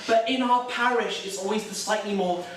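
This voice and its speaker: His high voice, close to an everyday one, moves at a moderate pace as he portrays a nervous young Catholic man full of self-doubt in a stage drama. The delivery is hesitant, wry and self-deprecating, captured by a distant mic in an echoey room with background noise.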